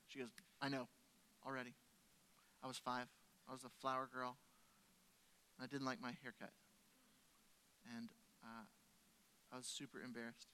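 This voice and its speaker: Bright-voiced man preaching a sermon. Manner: conversational storytelling, swinging between loud emphasis and soft lowered tones. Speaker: pastor. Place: church service.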